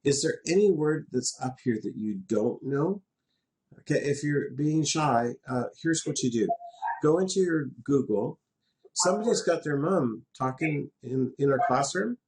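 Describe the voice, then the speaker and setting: A man's voice: fairly high pitch, expressive, measured pace, a little mellow. A middle-aged man from western Canada teaching a class, patient and chatty, laughing now and then as he explains. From Canada, West Coast. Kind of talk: classroom lesson in a virtual world.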